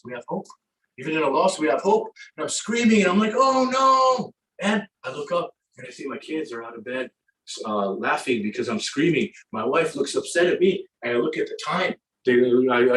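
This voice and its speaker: A man giving a conversational religious lecture, often asking "right?" and telling stories with lively energy. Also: mid-range voice. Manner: conversational, keeps asking "right?", retells a game excitedly. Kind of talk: animated religious lecture with storytelling. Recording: echoey hall, mic at a distance.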